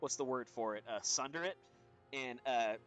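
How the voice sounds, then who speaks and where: A man's voice: medium pitch, normal speed, fairly bright tone, soft background music. A man narrating a tabletop game as game master, hesitant, with many ums.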